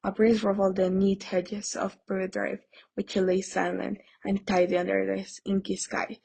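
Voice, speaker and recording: A woman's voice: mid-range voice, gravelly, dark tone, husky, low-quality recording. A woman hosting a podcast, reading an audiobook aloud in a plain way with small stumbles. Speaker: podcast host, audiobook reader. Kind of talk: amateur audiobook narration.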